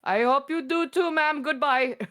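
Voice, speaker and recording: A woman's voice: high voice, normal speed, a bit bright, voice pushed up. A woman voicing an insistent female scam caller who keeps saying ma'am. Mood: insistent polite. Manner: formal, repeats "ma'am".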